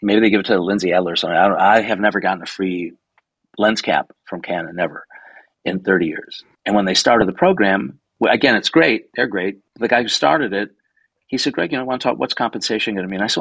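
A man in his sixties, a guest photographer telling stories in a casual interview, animated, swearing freely and acting out the people he quotes. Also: lowish voice, a little fast, vocal fry, breathy edge, no room sound, poor audio. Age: 60s.

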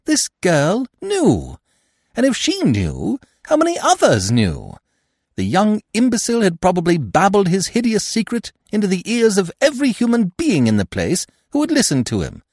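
A man narrating a classic comic novel in an expressive, animated storytelling manner. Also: sits high, normal speed, no echo, studio quality. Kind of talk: audiobook narration.

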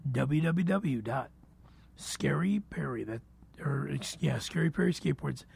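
A man reading ads on a comedy podcast, halting and stammering, nervous and repeating himself. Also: medium pitch, lively intonation, gravelly, darkish tone, husky, no room sound. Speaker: show regular reading ads. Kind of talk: casual comedic podcast banter.

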